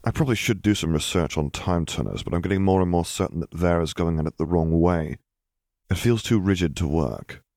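A man's voice: deep voice, brisk, darkish tone, no room sound, studio quality. A man voicing a young wizard husband who jokes with wry understatement and apologizes sheepishly, read as an audiobook character.

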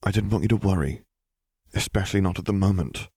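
Man reading young wizard husband, wry, joking understatement, deep voice, dry close audiobook sound. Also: fast talker, darkish tone, slightly rough, no echo.

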